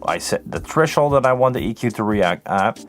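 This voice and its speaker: A man's voice: medium pitch, lively intonation, normal speed, soft background music. Man demoing audio gear. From Montreal, Canada. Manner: hands-on, explanatory, talks while adjusting settings. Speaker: live sound engineer hosting a Q&A stream. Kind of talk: live-stream tech demo and Q&A. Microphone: close vocal microphone running through a mixing console.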